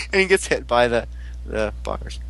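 A man's voice: mid-range voice, animated, a little slow, a bit bright, soft background music, low-quality recording. A young man recapping a TV episode in casual chat, rambling, giggly and crude, often mimicking the characters. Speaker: podcast host recapping an episode.

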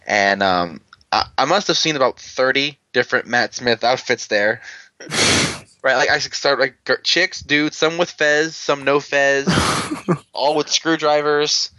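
Guy rambling thru a story in a casual chat, lots of ums and restarts, chuckles a bunch, bright edgy voice, dull lo-fi dry audio. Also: medium pitch, unhurried, no echo. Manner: rambling, with many fillers and restarts.

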